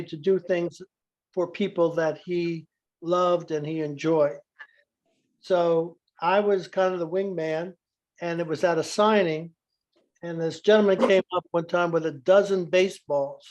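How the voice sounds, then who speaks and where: A man's voice: on the high side, darkish tone, dull audio. A man telling stories to a group, acting out quoted lines and laughing as he goes. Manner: laughs through anecdotes, acts out quotes. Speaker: guest speaker. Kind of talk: storytelling in a group video session.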